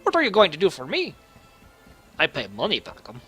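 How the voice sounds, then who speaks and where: A man's voice: on the high side, huge pitch swings, a bit bright, slightly rough, soft background music, heavily acted. A man doing a simple-minded half-ogre. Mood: pleading. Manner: halting, simple, childlike phrasing. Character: dim-witted gentle half-ogre man.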